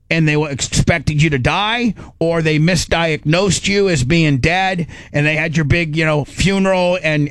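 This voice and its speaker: A middle-aged man hosting a radio show, telling a story in casual chat. He talks in an animated, rambling way, with restarts and fillers, and acts out his own inner voice. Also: fairly high pitch, no room sound.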